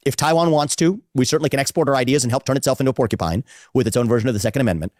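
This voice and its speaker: A man running for president who answers an interview question on foreign policy, laying out his plan confidently in fast run-on sentences. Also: medium pitch, a little mellow, no room sound, studio quality. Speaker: presidential candidate.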